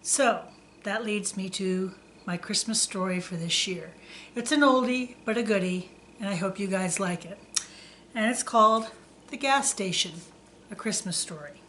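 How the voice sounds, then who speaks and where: A woman's voice: mid-range voice, unhurried, sharp tone, a little hiss or hum. A woman who hosts a cooking channel, thanking her viewers and then reading a Christmas story aloud.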